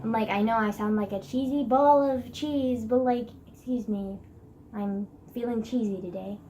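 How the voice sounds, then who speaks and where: A teenage girl sits on her bed and rambles through a casual vlog, dramatic and full of fillers. Her voice sits fairly high, with a faint noise behind it. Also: moderate pace, dark tone, low-quality recording. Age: teens. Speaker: vlogger. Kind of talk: casual vlog chat about school. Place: bedroom, sitting on a bed.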